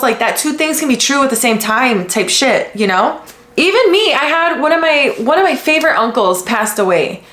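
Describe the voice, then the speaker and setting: A woman from the United States hosting a podcast, talking in a blunt, casual way with lots of swearing and animated retellings. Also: sits high. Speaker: podcast host. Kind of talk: casual commentary. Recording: echoey room.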